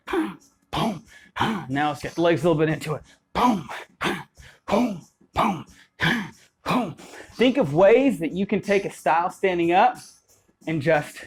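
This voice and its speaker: Man counting out dance beats. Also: a little hiss or hum. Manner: loose and rambling, counting beats with "boom". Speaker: popping dance teacher. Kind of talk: casual spoken dance tutorial.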